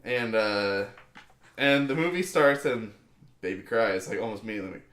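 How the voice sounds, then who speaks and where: Bright-voiced man telling an animated story. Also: on the low side, moderate pace. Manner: animated, swearing, acts out angry quotes. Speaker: podcast co-host. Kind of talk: casual storytelling chat. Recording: echoey room.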